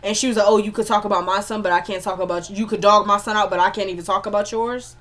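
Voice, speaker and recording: A woman's voice: medium pitch, steady tone, quick pace, fairly bright tone. A woman giving a casual spoken recap of a TV episode, acting out the characters' lines in quotes and adding asides to her viewers. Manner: chatty retelling that acts out the characters' dialogue in quotes; frequent filler "like" and running asides to viewers.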